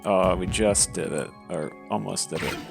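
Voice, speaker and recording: A man's voice: deep voice, normal speed, vocal fry, over music. A man playing a video game and reading its dialogue aloud in a casual, wry way. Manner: casual, wry, reads game lines with light voicing. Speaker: game let's player. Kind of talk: let's play commentary reading dialogue aloud.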